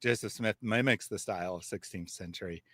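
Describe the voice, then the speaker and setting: A man's voice: on the low side, a little fast, a bit bright, slightly rough, no echo, studio quality. A man hosting a live discussion, speaking with frequent restarts and reading viewer comments aloud. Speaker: host.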